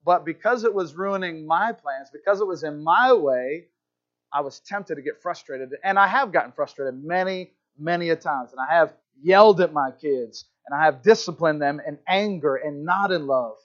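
A man's voice: on the high side, normal speed, fairly bright tone, lo-fi sound. A man in his thirties, a pastor, preaching a sermon in a church in a conversational, self-deprecating storytelling way, with frequent restarts. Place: church sanctuary.

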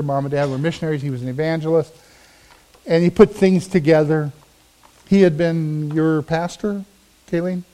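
High-pitched guy preaching, earnest storyteller, gets emphatic. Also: warm tone. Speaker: pastor. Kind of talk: sermon.

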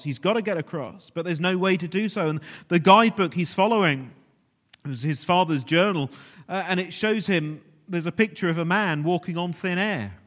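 A man preaching a sermon earnestly, at times dropping to a hushed, almost whispered voice. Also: a little high. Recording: long reverb of a large hall.

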